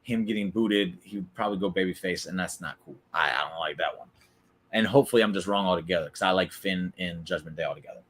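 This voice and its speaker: A man's voice: low-pitched, fast talker, a bit bright. A man hosting a casual wrestling recap stream, chatty and opinionated, talking back to viewers in the chat. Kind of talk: casual live-stream commentary.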